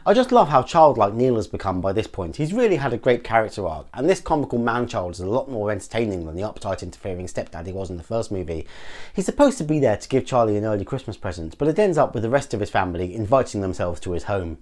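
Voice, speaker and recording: An English man talks through a film review at a brisk clip, his voice rising and falling in a lively way. He sounds dry and sarcastic as he picks at the plot. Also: on the low side. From England. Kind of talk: scripted film review narration.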